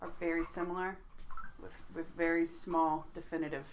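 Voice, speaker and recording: A woman with a Chicago accent, co-hosting a casual podcast and telling animated, profane stories. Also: lowish voice, normal speed, a little hiss or hum. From American Midwest. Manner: animated, profane, laughing storyteller. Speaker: podcast co-host. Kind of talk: casual storytelling chat.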